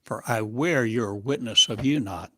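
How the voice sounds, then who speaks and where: A man as a spiritual teacher, delivering a channeled monologue in slow, halting, cryptic phrases. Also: mid-range voice, bright, forceful tone, a little hiss or hum. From United States.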